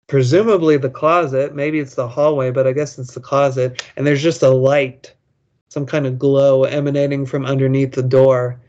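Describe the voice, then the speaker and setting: A man's voice: mid-range voice, a little mellow, highs cut off. A man co-hosting a podcast, reading a children's ghost story aloud and rambling through wry, joking asides. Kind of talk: casual podcast chat, reading aloud and commenting.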